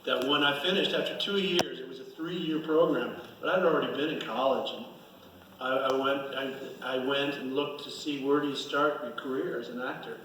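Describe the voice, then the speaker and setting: A man's voice: mid-range voice, fairly even intonation, moderate pace. A man from Connecticut telling self-mocking stage anecdotes at a fan Q&A, rambling and restarting as he goes. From Connecticut, USA. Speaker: guest actor at a fan Q&A. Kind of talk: casual storytelling on stage. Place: convention hall stage. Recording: echoey hall, distant mic, faint noise.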